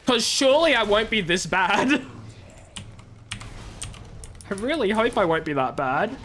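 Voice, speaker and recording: A woman's voice: medium pitch, sing-song, a little slow, fairly bright tone, a little hiss or hum. A young woman in her twenties, a streamer and law student, chatting animatedly and amused while she plays a game. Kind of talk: casual chat while gaming.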